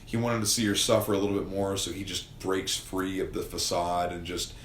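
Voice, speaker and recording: A man in his thirties co-hosting a casual podcast, excitable and swearing, with many fillers. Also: low-pitched, brisk, a little hiss or hum. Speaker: podcast co-host. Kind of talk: casual chat. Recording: echoey room, faint ambience.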